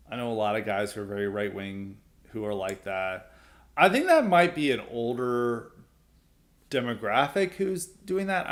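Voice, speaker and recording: A man's voice: fairly low pitch, a bit bright. A young adult man hosting a solo opinion podcast, sarcastic and blunt, laughing often as he rants. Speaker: podcast host.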